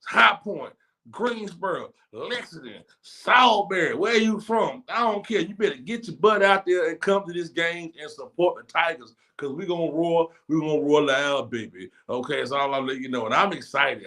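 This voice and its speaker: A man hosting a live talk show, talking in a high-energy, slangy, hype-man way. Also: lively intonation, moderate pace, pushed and bright. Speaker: talk show host and stadium announcer. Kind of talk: hyped casual live talk.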